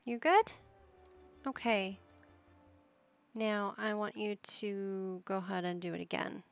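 A woman's voice: mid-range voice, slow pace, vocal fry, no room sound. A woman giving casual gameplay commentary, chatty and coaxing, talking to her characters like a parent would. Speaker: gaming YouTuber.

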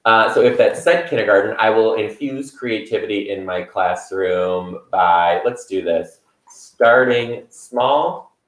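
Guy hosting a livestream, jokey teacher vibe, lowish voice, echoey room. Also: a little slow, hardly any pauses. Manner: playful, animated hosting. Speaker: livestream host and teacher comedian. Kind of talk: hosted livestream. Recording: roomy echo.

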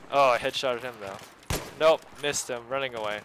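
A man's voice: medium pitch, moderate pace, background noise. A man giving live gameplay commentary as a video host, talking casually to his viewers, muttering asides and breaking into sudden exclamations. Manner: casual, chatty, talks straight to viewers.

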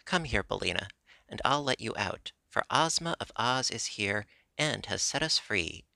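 A man voicing an earnest, proper young girl in a storybook reading, speaking a little higher and primly. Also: lively intonation, normal speed, vocal fry, sharp tone, no room sound, full character voice. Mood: reproving.

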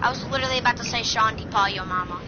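High-pitched woman yelling on a game stream. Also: racing. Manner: loud, excitable trash talk. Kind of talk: gaming stream chatter. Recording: muffled lo-fi mic with loud noise.

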